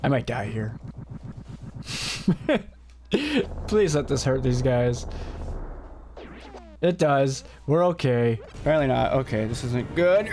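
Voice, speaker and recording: A man's voice: medium pitch, very animated, slow pace, pauses often, a little mellow. A man streaming a video game, tired and losing his voice, joking and laughing, with frick and freaking in place of swears. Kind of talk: casual live-stream commentary.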